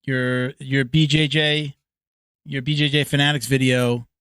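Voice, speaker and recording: A man's voice: mid-range voice, little pitch movement, a little slow, fairly bright tone, clean tone, dry recording. A man hosting a podcast, casually asking rambling questions. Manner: laughs often, asks rambling questions. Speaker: podcast host. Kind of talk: casual interview.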